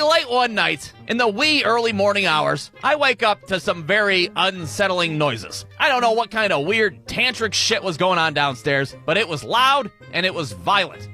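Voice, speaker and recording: A young man telling a comedic story from his own life, swearing often and acting out the people in it. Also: high voice. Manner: profane, animated, acts out voices.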